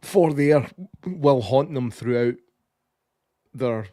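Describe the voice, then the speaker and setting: Scottish man, medium pitch, rambling casual chat, dry close sound. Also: slow, mellow, no room sound. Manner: rambling, loses his words, casual swearing. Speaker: podcast co-host. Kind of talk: casual film-review chat.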